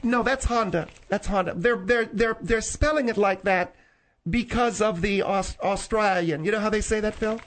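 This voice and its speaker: Male radio sidekick, very high voice, contrarian, needling. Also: moderate pace, fairly bright tone, a little hiss or hum. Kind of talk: comedic talk radio banter.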